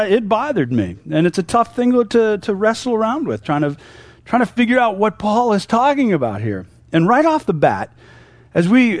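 A high-voiced man preaching to his congregation in a loose, conversational way, chuckling at himself and restarting his sentences. The sound is dry and close, with no room echo at all. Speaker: pastor. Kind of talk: sermon.

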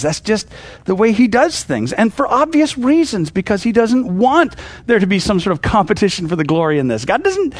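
A middle-aged man teaches scripture in a loose, chatty way, stumbling over fillers and restarts. His voice sits high and swings widely as he acts out the people in the story. The sound is close and dry. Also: very animated, normal speed, no room sound. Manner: conversational, many fillers and restarts, acts out quoted lines. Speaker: pastor. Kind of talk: casual Bible teaching.

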